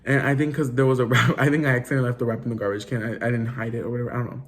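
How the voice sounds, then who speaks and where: A man's voice: medium pitch, flat delivery, racing. A young man casually telling a story to his little brother, rambling with lots of fillers, swearing and Spanish words.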